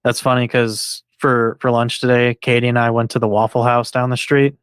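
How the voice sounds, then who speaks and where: A man co-hosting a casual podcast, telling stories in a relaxed, easygoing way. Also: medium pitch, moderate pace, clean tone, no echo. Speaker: podcast co-host.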